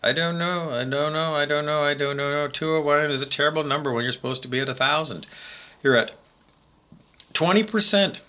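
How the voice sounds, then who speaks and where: A man's voice: a little high, fairly quick, pushed and bright. A man delivering a rambling monologue as a spiritual vlogger, talking indoors by a window, insulting listeners and repeating "I don't know" over and over. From Canada.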